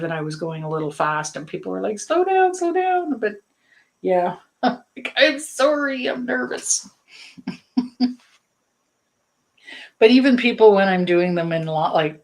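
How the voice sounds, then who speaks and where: A woman's voice: on the low side, low-quality recording. A woman leading a casual live painting lesson, chatty and reassuring, rambling through asides with plenty of ums and likes. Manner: reassuring, encouraging. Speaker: painting instructor.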